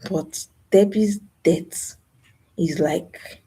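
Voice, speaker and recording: A woman's voice: lowish voice, extremely slow, mellow, slightly rough. A young woman hosting a live stream, talking about loss in a grieving way, sighing and repeating herself. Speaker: channel host. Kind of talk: emotional live stream talk.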